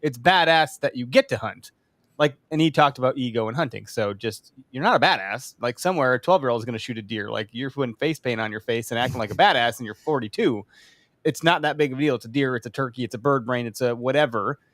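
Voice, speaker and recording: A man's voice: mid-range voice, fast, a bit bright, dry recording. A man hosting a live podcast in casual chat, rambling and joking with frequent laughs. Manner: rambling, jokey, laughs often. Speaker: podcast host. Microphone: studio mic.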